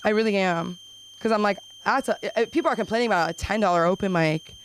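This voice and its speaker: A young woman performs stand-up at an open mic in a small club. She rambles through her material, piling on quick self-deprecating asides, at a medium pitch. Faint room noise hangs under her voice. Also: rough recording. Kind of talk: stand-up comedy set.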